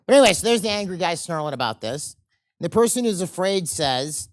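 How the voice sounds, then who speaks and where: A presenter leading a sales seminar in a relaxed, chatty way, stopping often to ask the room questions and drift into side stories. The voice sits at an ordinary middle pitch. The recording is close and dry. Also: fairly quick, no room sound. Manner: casual, asks the audience questions, tells anecdotes. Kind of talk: conversational seminar lecture.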